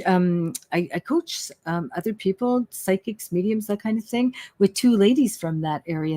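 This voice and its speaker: A middle-aged woman hosts her own live psychic reading stream in an easy, chatty way. She sounds bubbly and excitable, and she often repeats herself. Her voice sits at an average pitch, recorded close and dry. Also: no room sound. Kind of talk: casual live-stream chat.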